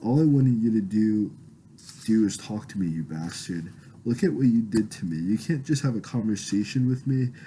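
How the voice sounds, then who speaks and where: A man voicing an enraged young woman who shouts and curses at her departing lover, a little higher than his own low, dark voice. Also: measured pace, a little hiss or hum, rough recording. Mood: furious. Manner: shouting, cursing, accusing.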